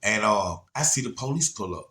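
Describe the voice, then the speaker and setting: A man, telling a story in a slightly low voice. He rambles in a laid-back way, circling back and checking in with his listeners. It is casual, unscripted storytelling. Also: lively intonation, a little fast, sharp tone. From Atlanta area, USA. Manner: rambling, laid-back, frequent "you know what I'm saying".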